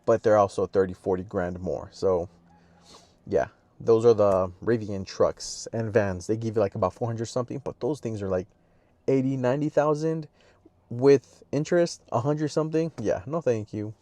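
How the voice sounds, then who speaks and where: A man's voice: on the low side, moderate pace, mellow, no echo. A man talking casually to camera outdoors about his car, plain-spoken with offhand asides, sniffly from allergies. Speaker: vlogger reviewing his car.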